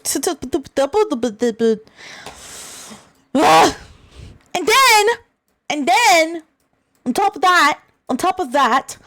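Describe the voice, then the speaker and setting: A young woman streamer with a high, slightly bright voice chats casually at her desk mic, ranting in frustration. She swears and stammers, restarting her sentences as she goes.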